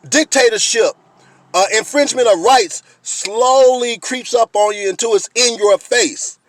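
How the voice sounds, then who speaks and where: A man with a very high-pitched voice rants straight into a close mic, blunt and fired up. His speech is profane and insistent, packed with rhetorical questions. The room is dry with no echo. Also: a bit bright. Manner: blunt, fired-up, profane, keeps repeating "you know what I mean". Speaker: video blogger. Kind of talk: impassioned direct-to-camera rant.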